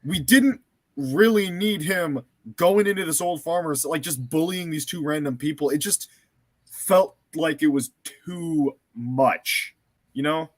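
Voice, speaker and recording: Male co-host, opinionated, slightly high voice, dry close mic. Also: measured pace, no echo. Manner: opinionated, casual. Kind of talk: casual review chat.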